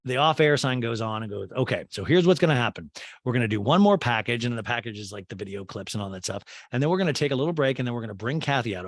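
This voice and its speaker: A man's voice: mid-range voice, expressive, rapid-fire, no room sound, clean studio sound. A man hosting a comedy podcast, recapping a reality show with sarcastic, profane asides and exaggerated mimicked quotes. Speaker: podcast host.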